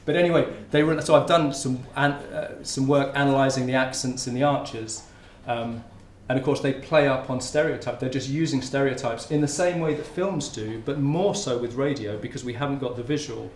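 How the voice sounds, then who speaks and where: A man's voice: medium pitch, normal speed, hardly any pauses, a little hiss or hum. Man lecturing in a roomy hall. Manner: informal, conversational lecturing. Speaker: academic speaker. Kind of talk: conference talk. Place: lecture room.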